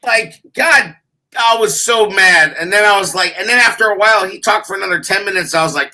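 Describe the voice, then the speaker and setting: A man with a very bright, forceful voice, pitched a little high, swears freely through a casual sports chat. He tells his stories with animated energy and bursts into shouting. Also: a little fast. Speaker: podcast co-host.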